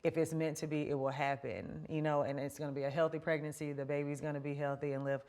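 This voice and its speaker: Woman host with a deep low voice, candid and chatty, telling her own stories. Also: steady tone, fast, darkish tone. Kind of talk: casual conversation.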